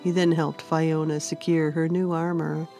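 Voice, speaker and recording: A woman author narrating her own fantasy storybook in a gentle, unhurried reading. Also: low-pitched, level tone, soft background music.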